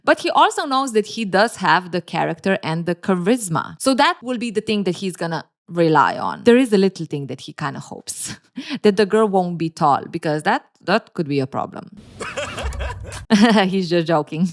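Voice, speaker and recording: A woman's voice: fairly low pitch, sing-song, normal speed. A woman giving casual relationship commentary for a video, sarcastic and teasing, with frequent laughs and playful asides.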